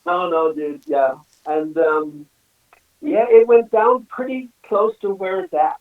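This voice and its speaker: A talkative man with a high voice, who tells his stories in a loose, easy way and laughs between them. He is heard remotely over a thin, phone-like line. The sound is distant and echoey. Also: slow pace. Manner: chatty storyteller, laughs often, many "you know"s. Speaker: singer and guest. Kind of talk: casual interview chat.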